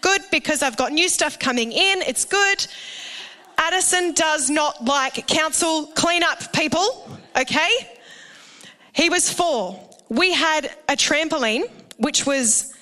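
Australian woman pastor, animated and jokey, preaching in a reverberant church hall; sharp, bright tone. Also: sits high, slow. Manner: animated, jokey asides to the congregation. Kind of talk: sermon with personal storytelling. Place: church auditorium.

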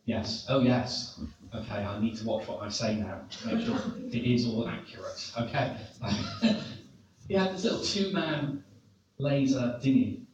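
Slow-talking middle-aged man preaching in an echoey church. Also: mid-range voice, slight background noise. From England. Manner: lively storytelling with self-mocking humor. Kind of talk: sermon. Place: church hall. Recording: very echoey hall, distant dull mic.

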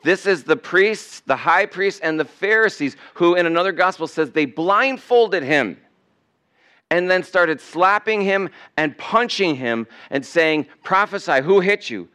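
Man preaching in a clear, slightly high voice. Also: expressive, a little slow, pushed and bright. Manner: conversational preaching, acts out quoted voices. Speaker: pastor. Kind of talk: sermon. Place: church sanctuary.

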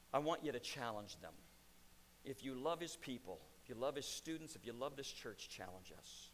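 Booming preacher man in an echoey hall. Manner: preaching with dramatic swings from hushed to loud. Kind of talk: sermon.

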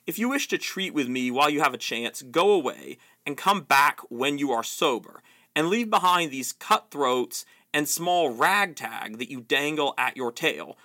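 A man's voice: a little high, bright, forceful tone, no echo, studio quality, heavily acted. A man voicing a proud, scornful old male wizard with a sneering, mocking manner, read aloud from a book. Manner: sneering and mocking, rising to a scream.

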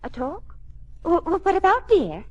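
A flustered older mother in an old radio comedy, a high voice that swoops up and down and trails into breathy giggles as she stumbles over her words. She is sweet and a little scatterbrained. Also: huge pitch swings, moderate pace, muffled recording, heavily acted. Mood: giggly. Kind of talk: 1950s radio sitcom acting.

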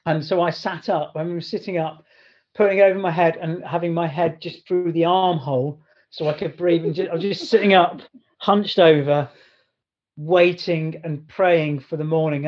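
A man co-hosting a podcast, telling a story casually in a rambling way, full of restarts. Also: on the high side. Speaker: podcast co-host. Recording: dull lo-fi sound.

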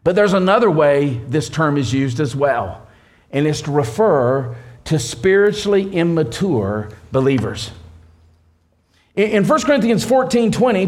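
Man preaching with a lively, high voice. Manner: preaching with slow emphatic stresses and restarts. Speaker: pastor. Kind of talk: sermon.

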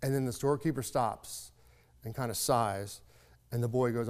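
A man's voice: medium pitch, moderate pace, a little mellow, big-room sound. A man giving a sermon, telling a folksy story in a reflective, conversational way. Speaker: preacher.

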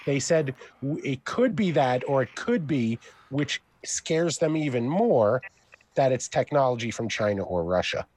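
A man of average pitch co-hosting a relaxed podcast chat. He talks in a wry, conspiratorial way, swearing as he spins long joking theories. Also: breathy edge. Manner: wry, conspiratorial, swears, tells drawn-out jokes. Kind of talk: casual chat.

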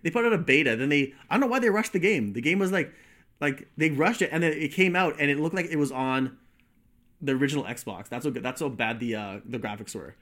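A man's voice: a little high, expressive, quick pace, a bit bright. A young man co-hosting a casual podcast, rambling and agreeable, often restarting his sentences. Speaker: podcast co-host. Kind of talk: casual chat.

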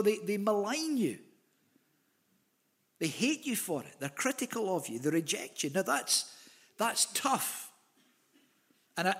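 Earnest pastor preaching with slow emphasis. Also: male voice, fairly high pitch, a bit bright. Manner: earnest, emphatic, with slow stressed phrases and occasional repeated words. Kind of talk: sermon. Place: church.

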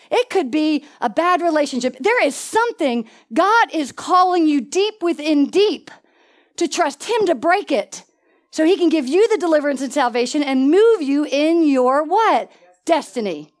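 Young woman preaching, high voice, lively and chatty with the crowd. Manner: animated, laughing asides, talks to the congregation. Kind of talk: sermon.

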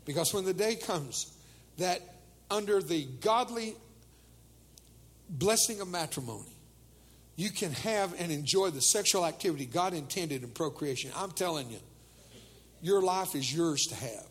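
A man's voice: a little high, expressive, unhurried, pauses often, slightly rough, in a large hall. An older man preaching a humorous sermon to teenagers, telling jokes and acting out the voices of people in his stories.

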